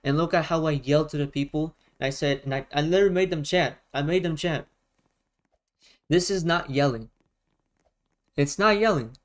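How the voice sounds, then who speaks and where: A man talking casually on a live stream while gaming, in a loud, projecting voice, often repeating himself for emphasis. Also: on the high side, moderate pace, pauses often, poor audio.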